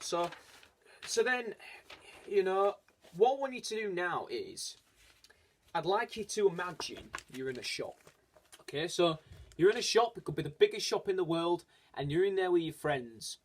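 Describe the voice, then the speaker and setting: Hesitant man, slightly high voice. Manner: hesitant, rambling, frequent restarts and fillers; earnest, encouraging. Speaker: vlogger. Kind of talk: casual personal vlog talk.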